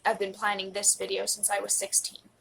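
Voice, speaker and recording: Emotional young woman, flat earnest voice. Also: mid-range voice, a little fast, creaky, a little hiss or hum, low-quality recording. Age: 20s. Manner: earnest, heartfelt, sometimes dropping to a whisper. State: emotional, close to tears. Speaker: vlogger. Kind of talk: personal confessional vlog. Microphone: phone.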